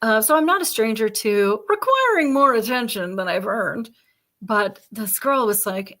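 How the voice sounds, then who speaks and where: A woman's voice: on the high side, unhurried. A woman, hosting a casual chat and talking bluntly with lots of swearing. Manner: blunt and profane, animated asides. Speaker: podcast host.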